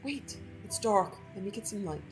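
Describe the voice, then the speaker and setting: A woman's voice: mid-range voice, expressive, normal speed, faint music behind, voice pushed up, lightly acted, low-quality recording. A woman voicing an anxious father of the house who calls out and gives orders while reading a game story aloud. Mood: calling. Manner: calling out, commanding.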